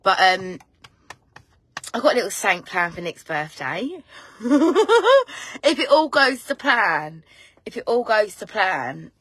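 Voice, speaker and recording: A woman's voice: medium pitch, sing-song, unhurried, a bit bright, husky. Woman, casual chat, rambling, swears, laughs often. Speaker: host.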